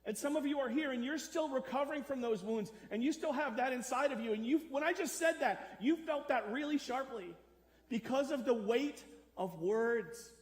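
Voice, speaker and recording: A man's voice: extremely high pitch, normal speed. A man preaching a sermon as pastor, talking conversationally and putting questions to the congregation. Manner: conversational, asks the audience questions. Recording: echoey church hall.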